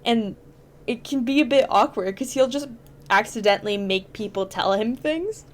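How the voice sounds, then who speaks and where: A woman's voice: a little high, moderate pace. A woman hosting a podcast, chatting casually and explaining at length with enthusiasm and plenty of fillers. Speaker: podcast host.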